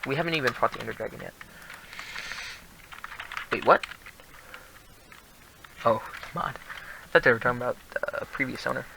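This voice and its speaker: A man's voice: mid-range voice, moderate pace, creaky, long pauses, pushed and bright, slight background noise, rough recording. A teenage boy casually commenting on his own building game, rambling and laughing at himself now and then. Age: teens. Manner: rambling, self-deprecating, laughs often. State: prone to coughing. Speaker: gaming video host.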